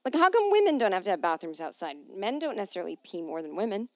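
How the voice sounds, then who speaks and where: A woman talks on her own podcast from home, reading an article aloud and breaking off for wry, jokey asides. The sound is close and dry, with no room in it. Her pitch sits in an ordinary middle range. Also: very animated, quick pace, no echo. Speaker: podcast host.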